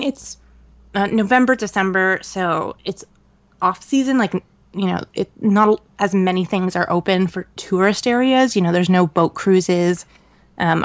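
A woman co-hosting a podcast, telling a travel story in a casual, animated way with many fillers and laughs. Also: mid-range voice, no echo. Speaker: podcast co-host. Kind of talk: casual chat.

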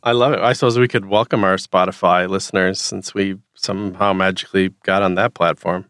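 Low-ish guy on a podcast, dry close sound, easygoing and wry. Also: fairly even intonation, fairly quick, a bit bright, no room sound. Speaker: podcast co-host. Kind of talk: casual podcast chat.

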